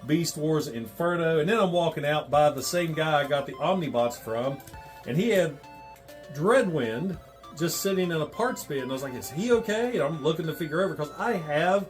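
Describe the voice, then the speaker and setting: Brief: man in his 50s, sidekick co-host, jokey, a bit higher voice, faint music. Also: moderate pace. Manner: chimes in, laughs along, jokey. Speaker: co-host friend. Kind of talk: casual chat.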